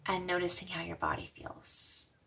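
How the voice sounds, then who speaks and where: A woman teaches simple breathing exercises in a gentle, reassuring way. Her voice is bright with a gravelly edge. She sounds a little distant from the microphone. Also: fairly low pitch, completely flat delivery. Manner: gentle, slows and softens for mantras, fades to whispers. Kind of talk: guided breathing lesson.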